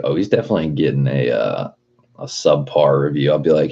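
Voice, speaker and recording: A man with an extremely deep, husky voice rants on a casual livestream, rambling and swearing freely with plenty of "like." The audio is dull and lo-fi. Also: lively intonation, brisk, dark tone. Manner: profane, rambling, lots of "like". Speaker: livestreamer reading chat.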